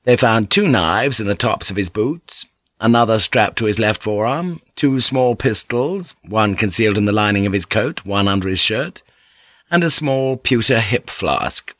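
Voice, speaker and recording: A man reads an audiobook novel aloud in a steady, measured way. His voice sits on the low side and is recorded dry and close, with no room sound. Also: no room sound. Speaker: audiobook narrator. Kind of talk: scripted narration.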